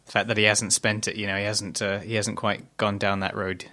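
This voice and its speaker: A man's voice: fairly low pitch, little pitch movement, a little fast, bright, forceful tone. A young man co-hosting a casual TV recap podcast, thoughtful and hesitant with many fillers. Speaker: podcast co-host.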